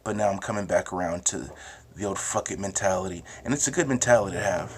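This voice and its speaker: A young man with a New Jersey accent talks in a loose, meandering monologue, cursing freely and circling back on himself. His voice sits somewhat low. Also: fast. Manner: rambling, restarts, profane. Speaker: host. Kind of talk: casual monologue with frequent swearing.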